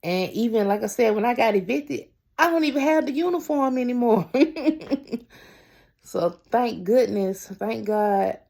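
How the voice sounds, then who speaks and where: A woman vlogger telling a personal story to camera in a rambling, halting way, often calling her viewers y'all and breaking off to restart. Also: fairly high pitch, lively intonation, gravelly, a little mellow. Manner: restarts and trails off.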